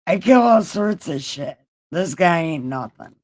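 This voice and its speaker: Woman doing a brash slangy shepherd boy, slow swagger. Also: on the low side, animated, darkish tone. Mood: cocky. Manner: brash, slangy, profane bravado. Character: cocky young male shepherd hero.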